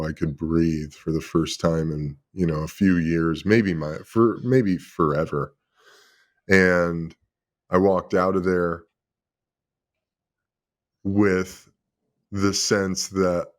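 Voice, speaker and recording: A man in his thirties speaks in a low, deep register. He tells his own story as an interview guest. He sounds confessional and emotional and swears freely. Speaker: podcast guest, former pro football player. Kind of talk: candid personal storytelling.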